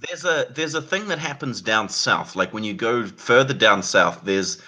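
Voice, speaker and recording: A man with a New Zealand accent telling stories in a casual chat, animated and casually swearing. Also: lowish voice, normal speed. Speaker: chat guest.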